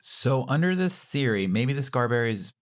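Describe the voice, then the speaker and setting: A man's voice: mid-range voice, sing-song, moderate pace. A man co-hosting a podcast in a casual, joking, self-deprecating way. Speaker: podcast co-host.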